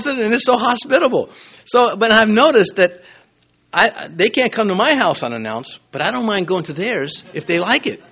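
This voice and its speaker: A pastor preaching an expository sermon in a conversational way, with humor and asides to the congregation. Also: male voice, high-pitched, very animated, moderate pace, fairly bright tone, slightly rough.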